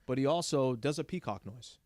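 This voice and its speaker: A man's voice: medium pitch, expressive, brisk, a little mellow, dry recording. A male co-host on sports talk radio, talking in a rambling, playfully teasing way.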